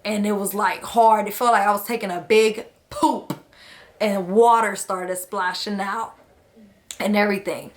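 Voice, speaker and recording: A woman's voice: mid-range voice, steady tone, unhurried. A woman vlogger casually telling a story to a nearby camera, chatty and slangy, acting out the people she quotes. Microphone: camera close to her.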